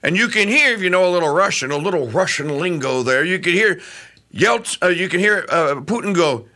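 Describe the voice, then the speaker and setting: A middle-aged man delivers talk radio commentary in a bright, ringing voice that sits somewhat high for a man. His pitch swings widely as he rambles on, restarting his sentences again and again. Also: brisk. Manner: animated, rambling with frequent restarts. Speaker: radio show host.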